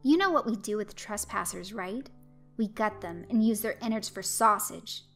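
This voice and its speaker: A woman's voice: mid-range voice, fairly even intonation, moderate pace, close to an everyday voice. A woman voicing a brash, foul-mouthed young woman killer who teases and mocks in a creepypasta reading, with faint music behind. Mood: menacing. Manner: teasing, foul-mouthed, cocky.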